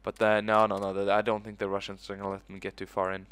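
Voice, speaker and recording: Male gaming host, low-ish voice, casual let's-play talk, thinks aloud. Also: monotone, fast, a bit bright, smooth, no echo. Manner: thinking aloud, loose and profane.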